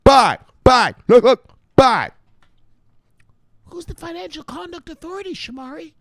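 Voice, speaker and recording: A man voicing a heckling male viewer who questions him in a high, strained, mocking voice. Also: animated, normal speed, vocal fry, dark tone, heavily acted. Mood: incredulous.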